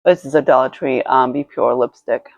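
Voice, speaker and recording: A woman's voice: rumbling low, normal speed, dry recording. A woman chatting casually while doing her makeup, rambling through a story with lots of swearing and restarts. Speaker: beauty vlogger. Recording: dull lo-fi, dry sound.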